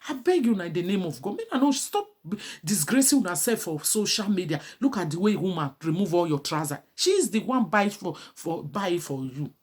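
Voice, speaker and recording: A woman's voice: lowish voice, animated, fairly quick, a little mellow, breathy edge. A middle-aged woman giving a pleading, preachy advice monologue as a vlogger.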